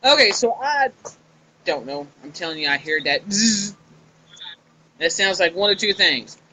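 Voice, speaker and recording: A woman's voice: mid-range voice, animated, unhurried, heavy background noise. A woman author chatting casually with fans on a live stream from her phone, laughing often and swearing freely.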